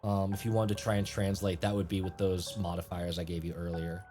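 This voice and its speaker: A man narrating as game master of a tabletop game, relaxed and conversational, sometimes tripping over invented words. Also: sits low, fairly quick, faint music behind.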